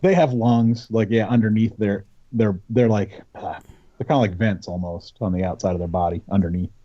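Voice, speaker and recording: A man's voice: fairly low pitch, fairly even intonation, normal speed, no room sound, lo-fi sound. A man chatting easily as a podcast guest, rambling a little as he explains his hobbies. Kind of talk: casual chat.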